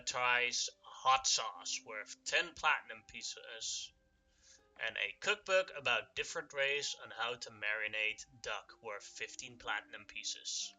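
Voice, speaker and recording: Halting game master with a bright voice. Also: male voice, medium pitch. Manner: hesitant, reads out loot with fillers. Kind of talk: narrating a tabletop game.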